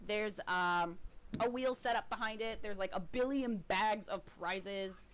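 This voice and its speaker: A woman runs a tabletop role-playing session and narrates the scene for her player. Her pitch sits right in the middle of the range. She rambles easily, with plenty of fillers and giggles. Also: measured pace, fairly bright tone. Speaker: game master. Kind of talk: casual tabletop game narration.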